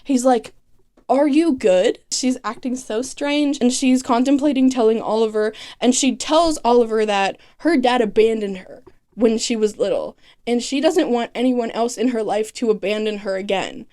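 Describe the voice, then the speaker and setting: A woman's voice: a little high, normal speed, a little mellow. A young woman casually recapping a TV season with chatty, sarcastic commentary, peppered with "like" and "okay". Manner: chatty, sarcastic, lots of 'like' and 'okay'. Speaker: recap host. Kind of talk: casual comedic recap narration.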